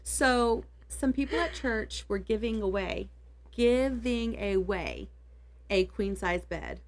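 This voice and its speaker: A woman's voice: mid-range voice, big pitch swings, takes it slowly, slight background noise. Easygoing laughing woman co-host. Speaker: podcast co-host. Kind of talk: casual book chat. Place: home basement.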